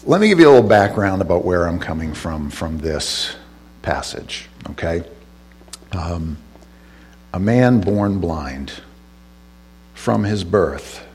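A man's voice: low-pitched, big pitch swings, slow pace, long pauses, a little mellow, breathy edge. A male pastor giving a conversational sermon, retelling scripture casually with asides and restarts.

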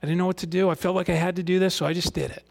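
Folksy pastor with a slightly high voice. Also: male voice, fairly even intonation, racing, creaky. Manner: asks rhetorical questions, earnest and folksy. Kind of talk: conversational sermon with scripture reading.

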